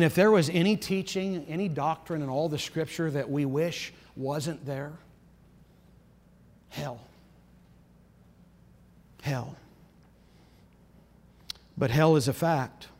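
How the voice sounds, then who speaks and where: Earnest preaching man, echoing hall. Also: darkish tone. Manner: earnest preaching, dropping to low solemn emphasis. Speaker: pastor. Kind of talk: sermon.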